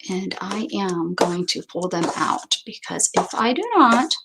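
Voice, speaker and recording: A woman's voice: lowish voice, a little slow, vocal fry. A woman hosting a crafting video, chatting casually to viewers and thinking aloud as she sorts paper. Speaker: craft channel host. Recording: noticeable background noise.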